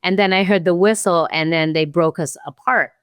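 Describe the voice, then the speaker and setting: Older woman with a smooth, dry voice. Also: fairly low pitch, normal speed, dry recording. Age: 60s. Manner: lively storyteller who acts out her own past thoughts. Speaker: podcast guest, martial arts champion. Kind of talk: storytelling in an interview.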